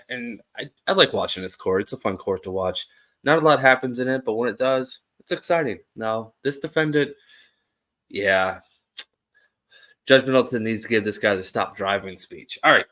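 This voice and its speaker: A man hosting a court-video commentary channel, a little under the weather, chatting casually in a fairly flat voice. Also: mid-range voice. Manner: relaxed, chatty, mildly monotone. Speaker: host reacting to court videos.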